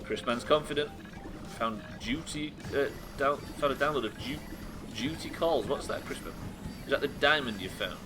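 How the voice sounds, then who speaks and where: A man's voice: medium pitch, normal speed, over music. A man commentating a game live, joking and swearing as he banters with his chat. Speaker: game streamer.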